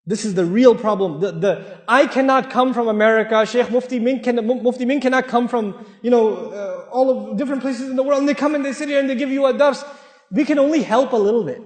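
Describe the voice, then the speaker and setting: A man's voice: very high voice, a little fast. A man giving a sermon to a live audience, direct and joking, repeating points for emphasis. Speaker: speaker giving a talk. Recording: echoey hall, long reverb.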